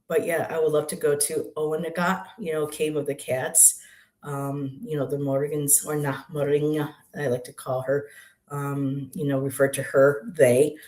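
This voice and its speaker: A livestream co-host and poet chatting casually, in a meandering, halting way with many asides. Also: medium pitch, darkish tone. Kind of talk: casual spiritual chat. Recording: roomy echo.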